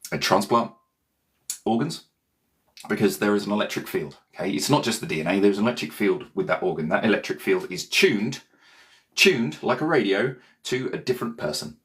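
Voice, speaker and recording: Man, low voice, meditation teacher, casual digressive talk, keeps saying okay. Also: animated, a little fast, fairly bright tone. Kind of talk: casual rambling talk to viewers.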